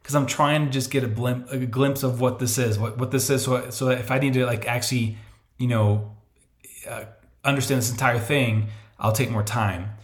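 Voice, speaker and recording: A man's voice: medium pitch, moderate pace. A man hosting a podcast, giving casual marketing advice and acting out imagined clients in voices. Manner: animated, chatty, acts out imagined clients in voices. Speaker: podcast host. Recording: echoey room.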